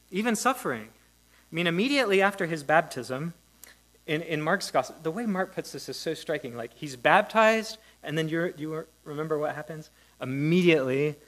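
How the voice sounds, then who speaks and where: A man's voice: mid-range voice, a bit bright, rough recording. A man preaching a sermon in a conversational, reflective way, often asking his listeners questions. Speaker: pastor.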